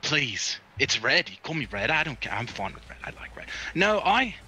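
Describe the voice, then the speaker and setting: Man doing a hulking, chummy Australian drifter in a tabletop game, put-on Aussie accent, lively bright voice. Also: on the high side, normal speed, full character voice. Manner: jaunty, chummy, sprinkled with "mate". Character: big brash Australian man in suspenders and monocle.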